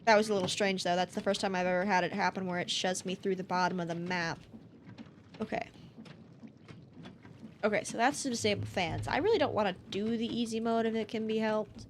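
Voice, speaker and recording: A woman's voice: mid-range voice, steady tone, brisk, slight background noise. A woman YouTuber giving casual gameplay commentary at her desk mic, easily exasperated and breaking into outbursts and laughs. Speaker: gaming YouTuber.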